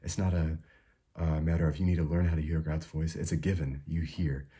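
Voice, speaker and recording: Very deep, husky-voiced man preaching gently. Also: level tone. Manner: soft-spoken, unhurried, with frequent fillers and restarts. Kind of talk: informal devotional teaching.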